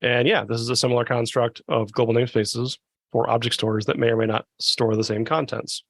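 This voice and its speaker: A man talking as a podcast guest, quick and enthusiastic, correcting himself as he explains. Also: mid-range voice, level tone, gravelly, fairly bright tone, dry recording. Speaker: guest, tech specialist. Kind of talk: casual podcast chat.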